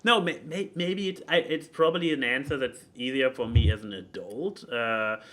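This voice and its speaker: Bright-voiced man who stumbles over his words. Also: medium pitch, normal speed. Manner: stumbling, restarts often, laughs easily. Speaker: podcast host. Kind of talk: casual chat.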